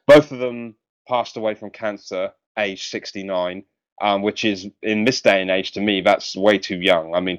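A man with a lowish voice hosts a casual podcast. He talks in a hesitant way, with many ums and restarts. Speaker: podcast host.

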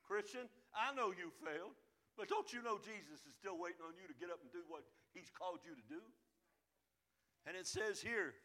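A man preaching a sermon, his voice high and bright with a sharp edge. He builds to loud, emphatic peaks, then drops to low, quiet asides. His delivery is fervent throughout. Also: sing-song, normal speed.

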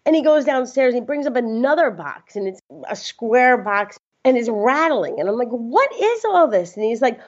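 A woman guest telling a personal story in a casual, animated way, often laughing and acting out what others said. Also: fairly high pitch, normal speed. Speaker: interview guest. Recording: slightly dull lo-fi sound.

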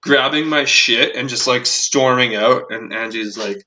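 A man rants on a casual podcast, swearing freely as he tells an exasperated story. His voice is bright and forceful. He talks loosely, with restarts and fillers. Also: mid-range voice, a little slow, slight background noise, rough recording. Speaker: podcast host.

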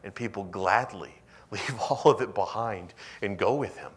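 A young man preaching a sermon in a lively, conversational way, sometimes dropping to a whisper. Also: on the low side, unhurried. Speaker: pastor.

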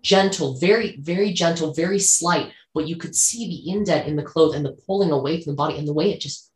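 A man's voice: fairly high pitch, brisk. A man, a guest on an interview show, telling a personal ghost story earnestly and vividly, repeating phrases for emphasis.

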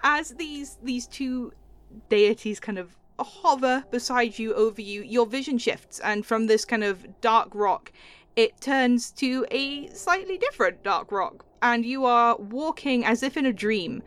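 A woman's voice: on the high side, animated, a little slow, a bit bright. A woman narrating as game master, describing scenes with lots of loose fillers. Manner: descriptive, with many "like" fillers and light laughs.

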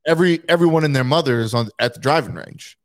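A man's voice: medium pitch, fast. A man co-hosting a podcast, telling a profane, laid-back story in casual chat. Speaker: podcast co-host.

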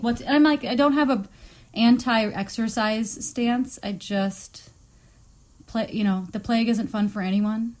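A woman's voice: fairly high pitch, normal speed. A woman hosting a podcast, chatting casually and acting out quotes with swearing. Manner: animated, swears freely, acts out quotes. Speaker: podcast host. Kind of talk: casual chat.

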